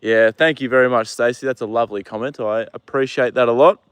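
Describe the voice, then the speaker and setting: A young man from New Zealand hosting a casual livestream outdoors at a horse paddock, chatting with viewers and cooing at his horse, relaxed and swearing now and then. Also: mid-range voice, fast talker, clean tone, no room sound. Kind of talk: casual chat reading viewer comments.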